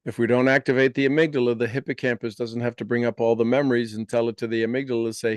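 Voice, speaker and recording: A man speaks in an earnest, explanatory way, then leads his listeners through affirmations at a slow and deliberate pace. His voice sits at an ordinary middle pitch, and the sound is dry and close, with no room echo. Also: flat delivery. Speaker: speaker guiding an audience. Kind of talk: motivational talk with guided affirmations.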